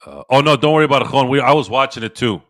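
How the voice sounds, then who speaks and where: A man's voice: mid-range voice, lively intonation, racing, a bit bright, no room sound, studio quality. A man hosting a casual sports live stream, rambling and repeating himself as he answers viewers' comments. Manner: rambling, repeats himself, talks to chat by name. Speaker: sports podcast host. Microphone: streaming microphone.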